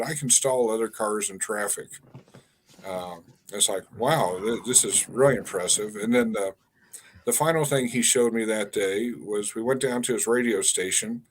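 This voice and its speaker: A man in his sixties from Kansas, a guest telling a long story in an interview, pausing often with fillers and repeated words. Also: lowish voice. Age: 60s. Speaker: guest, energy healer.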